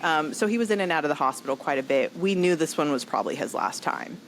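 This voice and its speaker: A woman with a fairly low voice, a comedian telling a story as a podcast guest. She talks in an animated way and slips into other people's voices as she goes. Faint noise sits under her voice. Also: fast, poor audio.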